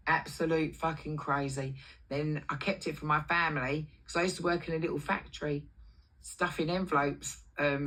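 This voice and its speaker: Casually storytelling on her livestream, a middle-aged host spins crude, brash tales from her past and voices the characters in them. She has a low, slightly bright voice, and the recording quality is low.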